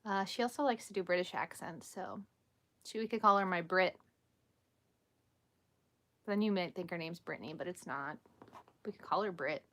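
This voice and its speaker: Bright-voiced chatty mom on a late-night livestream. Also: female voice, lowish voice, normal speed, long pauses. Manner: chatty, laughs often, answers viewer questions. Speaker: livestream host. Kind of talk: casual live chat with viewers. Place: home at night.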